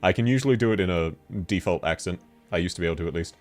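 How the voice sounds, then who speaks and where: A man's voice: low voice, racing, faint music behind. A man with an Australian accent, chatting casually on a game stream, laughing often as he answers chat.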